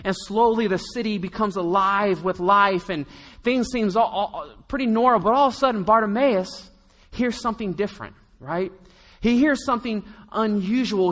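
A man with a high, bright voice preaches a sermon, telling the story in a loose, chatty way and slipping into the voices of its people. His words ring out through a hall with a long reverb. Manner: storytelling, conversational, acts out quotes. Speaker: pastor.

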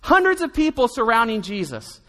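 A man with a high, bright voice preaches a sermon, telling the story in a loose, chatty way and slipping into the voices of its people. His words ring out through a hall with a long reverb. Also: huge pitch swings, brisk. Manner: storytelling, conversational, acts out quotes. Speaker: pastor.

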